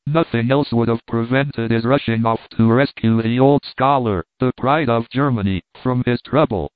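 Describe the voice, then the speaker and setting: A man narrating a storybook in a slow, measured, even reading. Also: mid-range voice, no echo. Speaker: audiobook narrator. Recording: thin phone-like dry sound.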